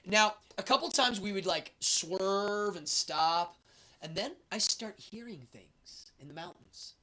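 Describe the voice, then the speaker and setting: A man's voice: high-pitched, lively intonation, slow pace, pushed and bright. A man hosting a show, telling a travel story in a casual, rambling way with many fillers.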